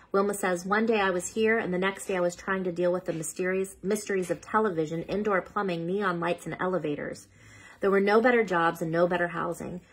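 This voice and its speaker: A woman's voice: on the low side, fairly bright tone, slightly rough, rough recording. A woman hosting a children's read-aloud, reading a picture book steadily and stopping now and then to sound out unfamiliar words.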